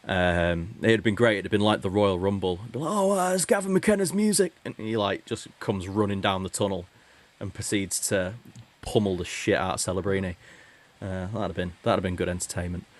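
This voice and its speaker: Man, very deep voice, podcast co-host, casual sports chat, rambling. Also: flat delivery, brisk. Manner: rambling, many restarts and fillers.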